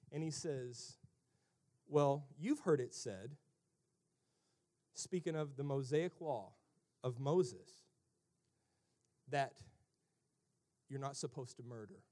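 High-voiced preacher, dramatic swings. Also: male voice. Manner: swings from loud emphatic calls to hushed near-whispers; acts out characters in mocking voices. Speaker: pastor. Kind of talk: sermon.

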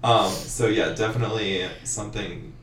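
A young man in his twenties, a guest on a podcast, chatting in a relaxed, offhand way. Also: fairly low pitch, moderate pace, reverberant, recorded from a distance, a little hiss or hum. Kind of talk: casual chat.

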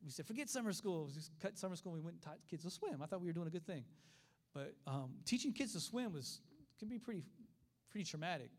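A middle-aged man preaching a sermon, telling stories in an animated way and acting out the voices of the people in them. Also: a little high, quick pace. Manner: animated storytelling with acted voices.

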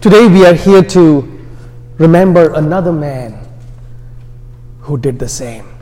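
A man with an Indian American accent delivers an Easter sermon at a very unhurried pace, dropping softly at the end of each phrase. His voice sits a little high for a man, and it rings with the long reverb of a large church hall. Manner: slow, deliberate delivery with phrases trailing off softly. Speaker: preacher.

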